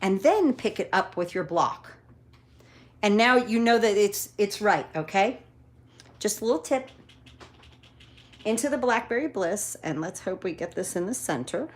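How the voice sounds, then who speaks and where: A woman's voice: mid-range voice, expressive, measured pace, pauses often. A woman demonstrating card-making in a casual craft tutorial, talking in a chatty, encouraging way with many fillers.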